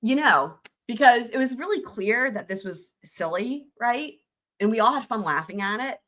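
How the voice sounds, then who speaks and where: Woman streamer, bright and forceful voice, jokey, giggles through legal readings. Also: fairly high pitch, expressive, normal speed. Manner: giggly, jokey, trails off into laughter. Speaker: livestream host. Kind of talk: casual livestream commentary reading court filings.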